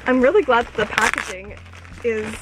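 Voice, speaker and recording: A woman vlogging an unboxing, gushing and squealing with excitement. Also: on the high side, moderate pace, heavy background noise.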